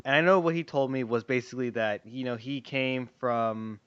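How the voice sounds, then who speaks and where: A man hosting a podcast, talking in a relaxed, agreeable way in casual chat. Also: mid-range voice, moderate pace, smooth, dry recording, muffled recording. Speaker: podcast host.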